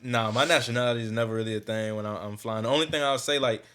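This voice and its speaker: A man from Jamaica, a pilot, telling stories as a podcast guest in a relaxed, halting way. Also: mid-range voice, clear, resonant tone. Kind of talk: casual podcast chat. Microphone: close studio mic.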